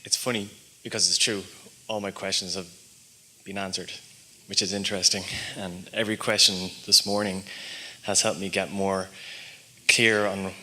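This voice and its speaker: A man speaks from the audience at a seminar, his voice very low yet bright and forceful. He sounds tentative as he relates a dream on the way to his question. He is polite and a little unsure. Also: little pitch movement, moderate pace, pauses often, a little hiss or hum. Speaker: audience member asking a question.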